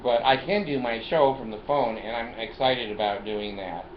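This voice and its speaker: A man's voice: medium pitch, moderate pace. An older man hosting a casual vlog from his car, chatty and joking, often laughing and swearing as he shows off his gadgets. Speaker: video host. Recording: roomy, dull lo-fi sound, faint noise.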